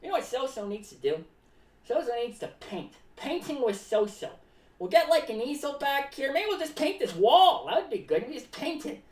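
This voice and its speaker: Woman playing a high, singsong zany clown, third-person rambling, echoey room, set back from the mic. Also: very animated, normal speed, darkish tone, recorded from a distance. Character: rambling eccentric clown, paranoid about cats. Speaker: streamer in clown character. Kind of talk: live-stream clown character monologue.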